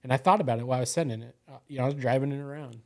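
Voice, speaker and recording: A man's voice: mid-range voice, racing. A man as a podcast guest, telling a personal story in a loose, casual way, full of "you know" and "like".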